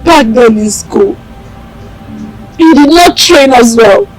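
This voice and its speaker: A woman's voice: high voice, lively intonation, slow pace, soft background music, rough recording. A woman playing a bitter grown daughter who accuses her mother through tears. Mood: accusing. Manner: accusing, tearful. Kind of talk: Nollywood film acting.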